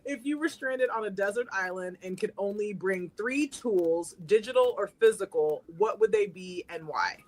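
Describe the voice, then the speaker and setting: A bubbly woman co-hosting a podcast from a video call, asking questions in an everyday mid-range voice. She laughs often and talks in an expressive way. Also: medium pitch, moderate pace, hardly any pauses. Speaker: podcast co-host. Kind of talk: casual interview chat.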